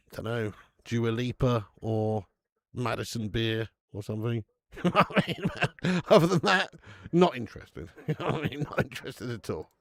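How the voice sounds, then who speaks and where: A man's voice: mid-range voice, no echo. Male streamer, casual and chatty, laughs easily, swears, dry close sound. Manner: reads out viewer messages. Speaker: host of a live football watch-along. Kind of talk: casual live stream chat.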